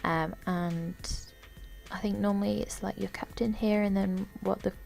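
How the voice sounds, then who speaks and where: A tired woman giving casual, rambling commentary while walking through a game, often unsure and filling pauses. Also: medium pitch, fairly even intonation, vocal fry, darkish tone, faint music behind. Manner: rambling, unsure, lots of fillers. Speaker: gamer.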